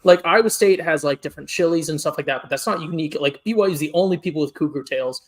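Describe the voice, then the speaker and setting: A man co-hosting a podcast, ranting in an animated, exasperated way during a casual food-ranking chat. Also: on the high side, quick pace. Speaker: podcast co-host.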